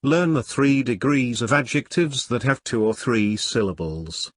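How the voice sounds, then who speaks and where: Slow husky man reading a schoolbook. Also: medium pitch, no room sound, studio quality. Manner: slow, deliberate, word-by-word. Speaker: textbook reader. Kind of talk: reading a school lesson aloud.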